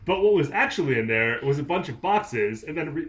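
Dude dryly recapping an episode, lots of pitch movement. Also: male voice, sing-song, fairly quick, fairly bright tone. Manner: dry, wry quips. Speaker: podcast co-host. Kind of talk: casual chat recapping a TV show.

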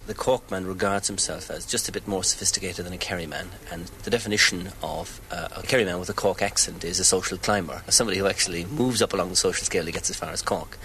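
A man's voice: sits low, steady tone, fast talker, few pauses, a bit bright, slight background noise, low-quality recording. A man giving wry, anecdotal commentary in an interview. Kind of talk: reflective commentary.

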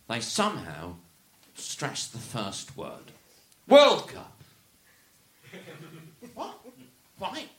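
A man on a live comedy panel, ranting in an animated way and laughing through his words. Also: a little high, creaky. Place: live festival stage. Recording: echoey live venue, loud noise.

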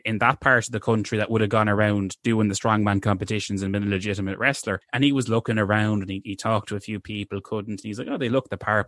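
A man's voice: on the low side, fairly bright tone, no echo, clean studio sound. A man co-hosting a podcast, telling a history story in a rambling, casual way, with lots of fillers and restarts.

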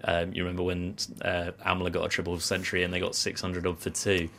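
Low-voiced man analysing cricket. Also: monotone, fast, vocal fry, a bit bright, slight background noise. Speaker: cricket podcast co-host. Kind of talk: casual cricket discussion.

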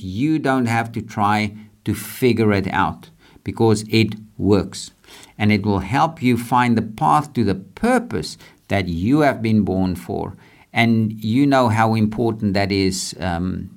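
A man's voice: fairly low pitch, a little mellow. Earnest man giving a faith talk. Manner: earnest, repetitive, with restarts. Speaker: podcast host. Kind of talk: casual motivational faith talk.

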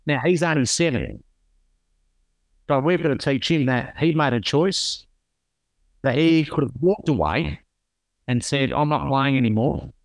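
A man's voice: medium pitch, a little slow, long pauses, no room sound, clean studio sound. A middle-aged man with an Australian accent, a podcast guest telling stories in an earnest, rambling way. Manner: earnest storytelling, repeats himself. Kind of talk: casual conversation.

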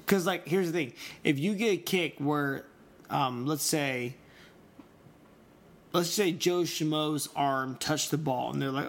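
A man's voice: a little high, slow pace. A man in casual conversation asking probing questions and checking agreement with "right?". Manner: questioning, seeks confirmation with "right?". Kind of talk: casual chat.

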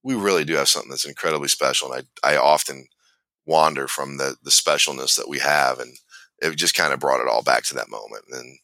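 A man's voice: a bass voice, quick pace, sharp tone, no echo. A man hosting a podcast, telling a long personal story in a rambling way with many restarts. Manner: rambling, restarts often, laughs while telling. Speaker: podcast host. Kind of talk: casual storytelling chat.

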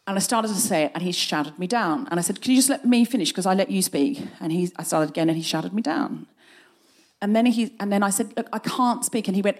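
Woman hosting a live podcast, telling a funny story, doing everyone's voices and laughing along. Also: lowish voice. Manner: animated anecdote, acting out quoted voices, laughing through. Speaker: podcast host. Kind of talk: comic storytelling to a live audience. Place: live show on a stage.

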